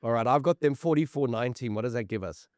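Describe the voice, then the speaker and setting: A man's voice: medium pitch, darkish tone, no room sound, clean studio sound. A man co-hosting a casual rugby podcast, full of bold predictions and banter. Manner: bold, banter-heavy predictions, quick to laugh. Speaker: podcast co-host. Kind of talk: casual sports chat.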